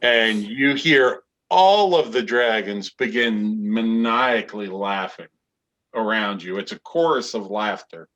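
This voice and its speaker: Slow-paced male game master. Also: lowish voice, fairly bright tone. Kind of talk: narrating a tabletop game.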